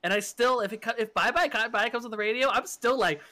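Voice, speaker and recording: A man's voice: extremely high pitch, quick pace. A man co-hosting a podcast, chatting casually about music with lots of fillers. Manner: relaxed, filler-heavy rambling. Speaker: podcast co-host. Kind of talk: casual chat.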